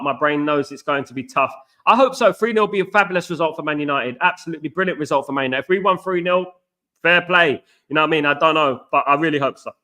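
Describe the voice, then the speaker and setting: A man's voice: fairly high pitch, sharp tone. A middle-aged British man hosting a football channel, chatting casually and rambling to his viewers. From Britain. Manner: rambling, repetitive, addresses viewers as guys. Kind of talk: casual live-stream chat.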